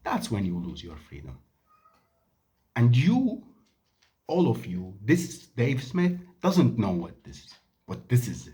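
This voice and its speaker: A man's voice: mid-range voice, huge pitch swings, takes it slowly, long pauses, mellow. A Syrian man in his thirties, a native Arabic speaker, delivering an angry, emphatic monologue full of rhetorical questions. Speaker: vlogger. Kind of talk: impassioned monologue to camera.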